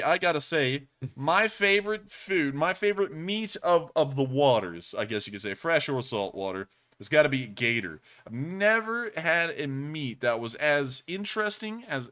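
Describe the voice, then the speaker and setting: A man's voice: a little high, sing-song, normal speed, hardly any pauses, bright, forceful tone. A young man hosting a casual livestream, thanking donors with laughter and rambling asides. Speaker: livestream host.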